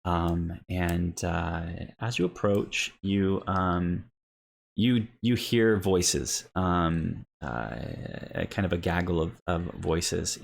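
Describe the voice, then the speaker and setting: A man's voice: sits low, vocal fry, slight background noise. A man narrating a tabletop role-playing game as game master, rambling with many ums and restarts.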